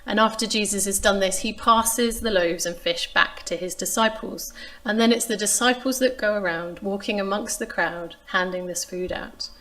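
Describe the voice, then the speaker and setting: Woman, church sermon, measured storytelling, expressive scripture reading, mid-pitched voice. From England. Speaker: preacher.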